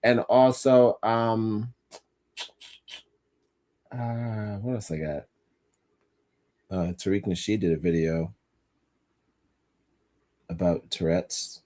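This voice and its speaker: A man's voice: lowish voice, flat delivery, drawn-out words, pauses often, dark tone. A man hosting a casual commentary podcast, rambling and swearing, often laughing at his own jokes. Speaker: podcast host.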